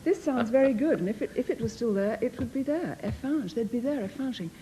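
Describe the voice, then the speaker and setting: A woman's voice: on the high side, lively intonation, fairly quick, mellow, slight background noise, rough recording. A woman team captain on a panel game show, telling stories in a playful, amused way.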